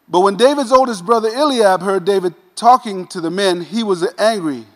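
A man preaching a sermon, retelling a scripture story in a casual, animated way with modern asides. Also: sits high, fairly quick, hardly any pauses, in a large hall. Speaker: pastor.

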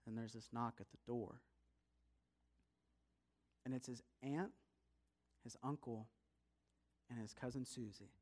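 A man telling a story to an audience, lively and speaking straight to his listeners. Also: mid-range voice, slow pace, long pauses.

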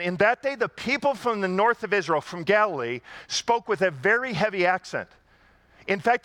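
A man's voice: high-pitched, pushed and bright, no room sound. A man preaching a sermon to a congregation, in a conversational style with rhetorical questions and emphatic repetition. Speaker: pastor.

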